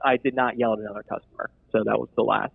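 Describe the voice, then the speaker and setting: A man's voice: on the low side, flat delivery, fast, creaky, slightly rough. An eager man rambles earnestly through a mock job interview, full of restarts and asides. His voice comes through thin and tinny, like a phone call. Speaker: comedic job applicant guest. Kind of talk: improvised comedy bit.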